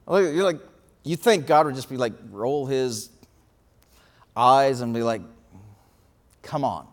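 A man preaching a sermon, telling a story with lively acted-out quotes. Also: medium pitch, takes it slowly, pauses often. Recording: reverberant hall.

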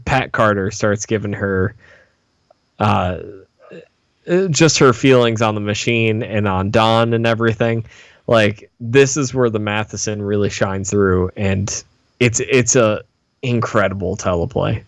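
A man's voice: on the low side, fairly even intonation, measured pace, dry recording. A man co-hosting a podcast, chatting casually and with enthusiasm about a TV episode. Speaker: podcast co-host. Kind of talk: casual chat.

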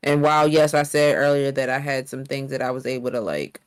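A woman's voice: a bass voice, brisk, clean tone. Insistent woman explaining herself. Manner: insistent, detailed explaining with many restarts. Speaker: podcast co-host. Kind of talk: casual chat.

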